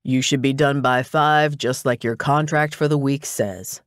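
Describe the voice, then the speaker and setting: In this audiobook dialogue, a male reader voices a wry detective matter-of-factly and with a teasing edge. His natural, medium-pitched voice is plain, unhurried and fairly even in intonation, captured in a dead-dry studio without room sound.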